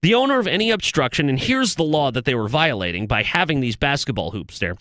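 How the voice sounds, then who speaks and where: A man's voice: mid-range voice, quick pace, no room sound, studio quality. A man hosting a political commentary show, delivering an opinionated, sarcastic monologue. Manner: animated, sarcastic, mocks with loud put-on shouting.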